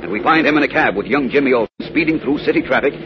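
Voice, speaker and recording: A male announcer delivering dramatic, measured 1940s radio narration. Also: mid-range voice, background noise. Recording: lo-fi old radio with music.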